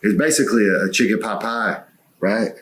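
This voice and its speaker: A man co-hosting a podcast, telling stories in a folksy, profane, excitable way. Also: fairly low pitch, fairly quick. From United States. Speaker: podcast co-host, wrestler. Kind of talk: casual chat.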